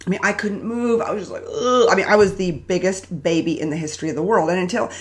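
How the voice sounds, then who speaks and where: A woman hosting a live motivational talk, telling a personal story in a chatty, animated way and greeting viewers by name. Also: on the low side, fast. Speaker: host.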